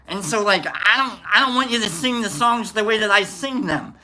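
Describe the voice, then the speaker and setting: A man's voice: high voice, big pitch swings, normal speed, hardly any pauses, pushed and bright. A man hosting a casual morning livestream, greeting viewers one by one by name and rambling loosely. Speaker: livestream host.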